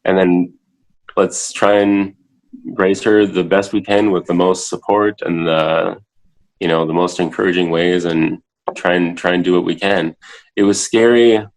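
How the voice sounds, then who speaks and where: Low-voiced man in his thirties, halting. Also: creaky, poor audio. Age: 30s. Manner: halting, heavy with filler words, animated when quoting himself. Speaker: podcast guest. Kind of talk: casual interview talk. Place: home, in a child's room.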